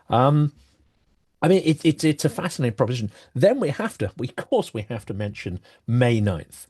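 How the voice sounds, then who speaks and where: A man's voice: mid-range voice, very animated, a little mellow, breathy edge. Reflective male podcast host. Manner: reflective, pausing with ums, varied emphasis. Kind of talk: discussion interview.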